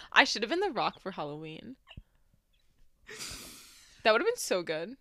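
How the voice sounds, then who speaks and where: Bright, lively young woman chatting. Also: medium pitch, a little slow, slight background noise. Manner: animated, laughing storyteller. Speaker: podcast co-host. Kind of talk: casual chat. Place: small home studio room.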